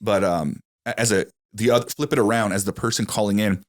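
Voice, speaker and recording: A man's voice: lowish voice, brisk. A young adult man hosting a podcast in casual chat, telling stories and acting out the people he quotes. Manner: animated storyteller, acts out quoted voices. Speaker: podcast host.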